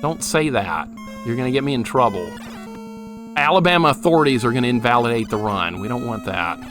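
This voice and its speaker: A man in his thirties talks through a retro game in a loose, joking stream chat, laughing easily and cursing now and then. His pitch swings widely as he reacts, sitting at an ordinary middle height. Loud game music runs underneath him. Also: brisk. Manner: chatty, animated, laughs easily, swears casually. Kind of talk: casual gameplay commentary, chatting with viewers. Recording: game music playing loudly beneath the voice.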